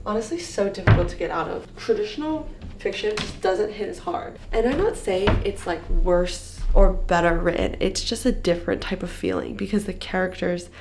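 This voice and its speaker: A young woman talks casually and tiredly from her bedroom, in a book vlog full of chatty fillers. Her voice has a gravelly, creaky edge, sitting at an ordinary middle pitch. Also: normal speed, background noise. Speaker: book vlogger.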